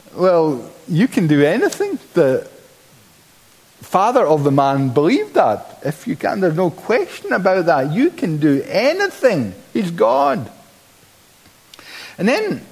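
Animated preacher in a reverberant church. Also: male voice, a little high, husky. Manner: animated, dramatizes quotes with exclamation. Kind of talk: sermon.

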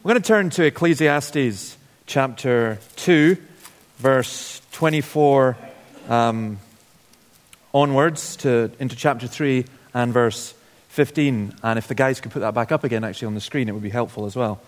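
A man's voice: mid-range voice, unhurried. A man from Scotland giving a guest sermon in a church, telling stories informally with wry asides. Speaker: guest preacher. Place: church hall. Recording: long hall reverb.

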